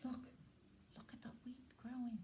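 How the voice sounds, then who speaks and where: Storybook hen, woman doing an eager little female hen, lifted pitch, pleading and lively. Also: moderate pace, a little hiss or hum. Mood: excited. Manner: bright, pleading, asking for help.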